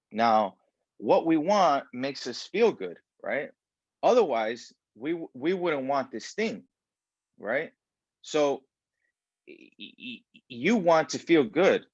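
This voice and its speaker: A man's voice: mid-range voice, no echo. A man working as a life coach gives a casual, rambling motivational talk on a group call. He fills it with "you know" and "right?" and acts out the voices of people he quotes. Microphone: video call. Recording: dull, dry call audio.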